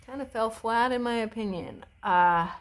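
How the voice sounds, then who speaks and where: A woman's voice: fairly high pitch, moderate pace, low-quality recording. A young woman vlogging as she does her makeup, casually chatting and giving strong opinions, swearing freely and rambling with fillers. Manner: rambling with many fillers and restarts. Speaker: beauty vlogger. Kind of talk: casual chat while doing makeup.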